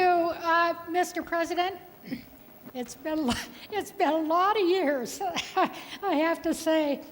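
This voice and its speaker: A woman's voice: very high voice, slight background noise. A woman state senator giving a farewell speech, telling folksy stories with chuckles from a legislative chamber podium. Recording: long reverb of a large chamber.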